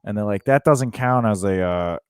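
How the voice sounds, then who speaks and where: A man with a fairly low voice, co-hosting a relaxed podcast conversation. He rambles through stories with lots of restarts and animated swings. The sound is close and dry, with no room around it. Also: moderate pace, clear, resonant tone, no echo. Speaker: podcast co-host. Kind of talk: casual chat.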